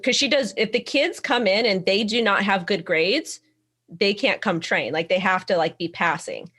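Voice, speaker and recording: A woman's voice: medium pitch, normal speed, pushed and bright. A woman co-hosting a live stream in a loose, chatty way. She rambles through stories and giggles often, in an ordinary mid-range voice. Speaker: co-host. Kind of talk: casual live-stream chat.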